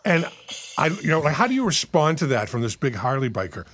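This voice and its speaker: A man telling a funny anecdote in casual chat, animated and rambling. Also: mid-range voice, quick pace, slightly rough.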